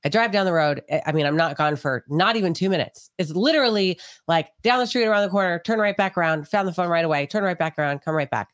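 A woman with a low voice tells a rambling, profane story as a podcast co-host. Her delivery is animated and casual. The sound is dry and close. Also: quick pace, few pauses, dry recording.

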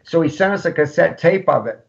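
A man, a punk musician guest, telling rambling, animated stories in casual chat. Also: a little high, fairly quick, vocal fry, slight background noise. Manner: rambling, animated anecdotes with acted-out quotes. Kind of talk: casual storytelling. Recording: lo-fi podcast audio.

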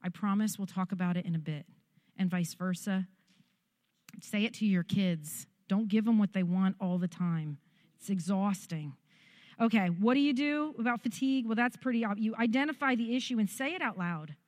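A woman's voice: medium pitch, expressive, moderate pace, darkish tone. A middle-aged woman pastor preaching a sermon, earnest and direct, with a practical, encouraging way of talking.

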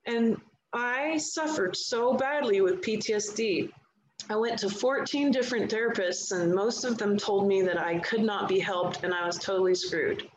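A woman's voice: mid-range voice, normal speed. A woman speaking as a guest in a live conversation, telling her story in an earnest, emphatic way. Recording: echoey room, faint background noise.

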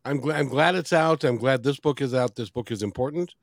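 A man's voice: medium pitch, brisk, no echo, clean studio sound. A man hosting a podcast interview, friendly and praising, repeatedly urging listeners to get his guest's book. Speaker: podcast host.

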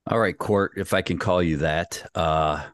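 A low-voiced man hosting a casual interview. He rambles through long questions and jokes along the way. The sound is dry and close, with no room echo. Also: measured pace. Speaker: podcast host.

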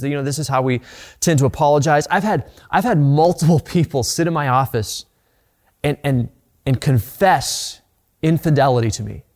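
A man delivering a sermon from the pulpit, earnest and plain-spoken. He talks straight to his listeners and often doubles up words as he drives a point home. His voice sits at an ordinary middle pitch. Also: moderate pace, darkish tone. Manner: earnest, repeats words when stressing a point. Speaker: pastor.

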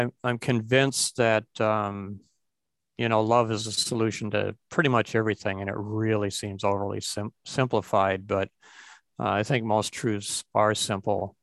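A man's voice: fairly low pitch, level tone, normal speed, a bit bright, clean tone, no echo. A man hosting a conversation about recovery, speaking reflectively and restarting his sentences often.

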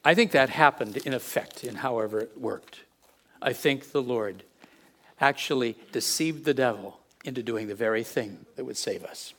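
A man preaching a sermon, halting and restarting often, swinging from hushed asides to emphatic statements. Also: medium pitch.

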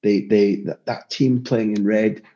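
A man with a low voice talks football as a podcast guest. He is passionate and emphatic, circling back and restarting sentences as he builds his point. The recording sounds muffled and lo-fi. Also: fairly even intonation, measured pace, warm tone. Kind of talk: podcast interview. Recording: dull lo-fi sound.

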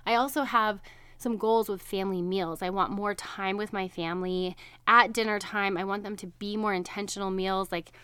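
A woman's voice: mid-range voice, steady tone, normal speed, sharp tone, smooth, no echo. A woman in her thirties hosting a podcast, talking candidly to her listeners in a chatty way and often laughing as she speaks. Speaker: podcast host. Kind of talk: personal chat to listeners.

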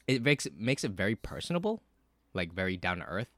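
A man telling a story in casual podcast chat, cursing a lot, with many fillers and animated bursts. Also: low voice, a little fast, dry recording. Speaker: podcast co-host.

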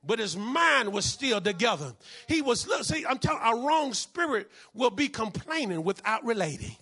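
A man preaching a fiery sermon as a pastor, breaking into shouts, repeating his key phrases and acting out the people in his stories. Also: very high voice, sing-song, normal speed, breathy edge. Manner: acts out the people in his story.

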